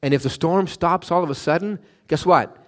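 A middle-aged man from Canada preaching a sermon, telling Bible stories and a personal story, acting out the quotes and often asking "right?". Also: normal speed. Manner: animated, acts out quotes with raised pitch, frequent "right?". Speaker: pastor.

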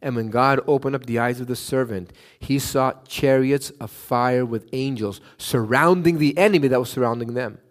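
A man's voice: normal speed, hardly any pauses. A middle-aged man from Canada preaching a sermon, telling Bible stories and a personal story, acting out the quotes and often asking "right?". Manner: animated, acts out quotes with raised pitch, frequent "right?". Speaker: pastor.

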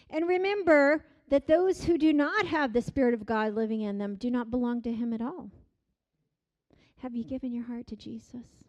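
Woman pastor, middle-aged, high voice; dynamic sermon delivery with hushed and soaring emphatic moments. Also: moderate pace, muffled recording. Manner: dynamic preaching, swings from hushed to loud emphatic peaks.

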